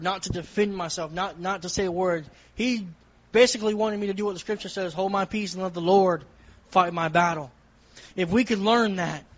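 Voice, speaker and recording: A man's voice: sits high, lo-fi sound. A man giving an earnest testimony from the pulpit with a repetitive preaching cadence. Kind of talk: sermon testimony.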